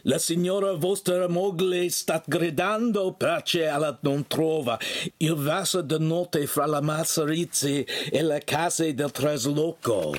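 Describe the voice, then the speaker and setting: A man voicing a stout young male servant with a harsh, raspy voice. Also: on the high side, voice pushed up.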